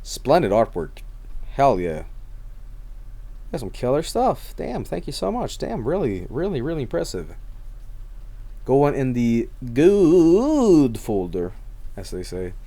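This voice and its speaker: A man's voice: mid-range voice, wildly swooping pitch, moderate pace, gravelly, mellow. A man streaming, chatting casually and rambling with many restarts and plenty of swearing.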